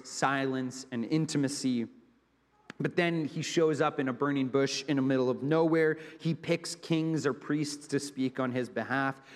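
A man giving a conversational, humorous sermon as a guest preacher, sometimes stumbling and repeating words. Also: mid-range voice. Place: church hall. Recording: long hall reverb.

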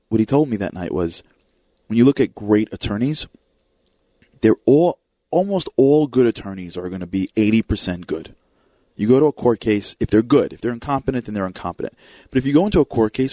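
A man's voice: mid-range voice, dark tone, no room sound. A man filling in as a radio host, telling a story and acting out the voices of the people in it. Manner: storytelling, acts out quoted voices. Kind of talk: talk radio monologue.

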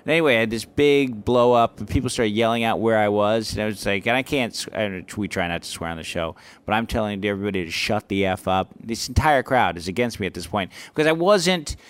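A man who works as a stand-up comic, telling stories in casual chat and acting out the exchanges with sharp jumps in pitch. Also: clear, resonant tone. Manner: animated, acts out exchanges with rising pitch.

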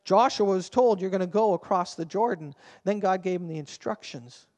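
Pastor guy in his 50s preaching, higher voice, tells stories, gets loud then quiet. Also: moderate pace, in a large hall. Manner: storytelling, animated swings between quiet and loud. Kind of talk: sermon.

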